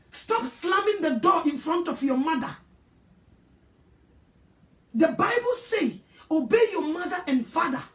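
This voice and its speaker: High-voiced Ghanaian woman preaching. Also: reverberant. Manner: scolding, emphatic preaching. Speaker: evangelist. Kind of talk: sermon.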